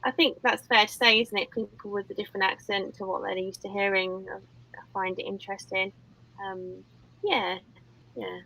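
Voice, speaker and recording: A woman guest talking casually on a live-stream creator panel. She is chatty and friendly, with a mid-pitched voice. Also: fairly even intonation, moderate pace, creaky, bright, forceful tone, slight background noise, poor audio.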